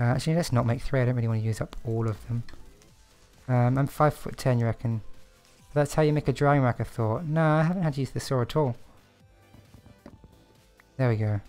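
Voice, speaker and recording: A man's voice: medium pitch, a little mellow. A man streaming a game, chatting to himself and his viewers in a casual, self-deprecating way. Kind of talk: casual gameplay commentary.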